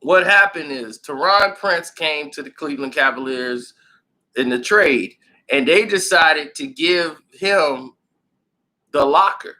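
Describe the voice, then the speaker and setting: A man giving casual sports commentary, telling the story in an animated way and laughing often. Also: fairly high pitch, slow pace, poor audio.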